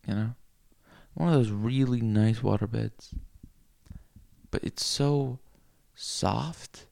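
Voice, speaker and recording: A man rambling through a crude comic monologue, cursing freely and swinging into loud rants. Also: mid-range voice, slow pace, gravelly.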